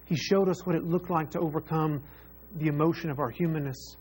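Male pastor, sermon, high voice, husky tone, earnest, repeats phrases for emphasis. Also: a little fast, darkish tone.

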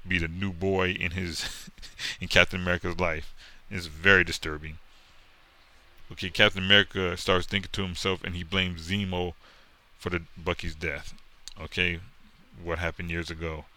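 Deep-voiced man ranting profanely. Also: no room sound. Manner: profane, animated and mocking, with laughs. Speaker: comic book commentator. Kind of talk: casual rant.

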